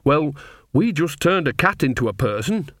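A man's voice: on the high side, very animated, moderate pace, fairly bright tone, no echo, clean studio sound, pitched above the performer's own voice. A man voicing a cheerful, folksy old witch woman in a storybook reading, with a homely, chatty manner.

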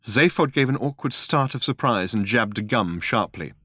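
A man narrating a comic science-fiction story in a measured, wry way. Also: mid-range voice, lively intonation, sharp tone, dry recording, studio quality. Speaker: audiobook narrator. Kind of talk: scripted narration.

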